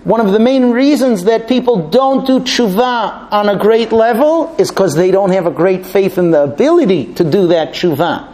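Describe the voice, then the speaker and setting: A man's voice: high-pitched, expressive, normal speed, hardly any pauses, mellow. A man teaching a Torah class, earnest and conversational, telling a personal story. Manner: earnest, storytelling, with restarts and light laughs.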